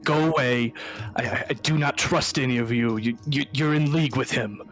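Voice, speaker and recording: A man's voice: medium pitch, normal speed, a bit bright, soft background music, lightly acted. A man voicing a frightened, distrustful young woman who answers through a door in a tabletop game, stammering.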